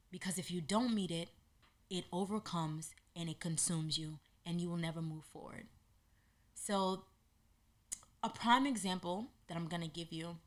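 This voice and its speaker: A woman hosting a podcast, telling a personal story in an animated way and acting out what people said. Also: lowish voice. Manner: animated, acts out quotes in lively voices. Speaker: podcast host.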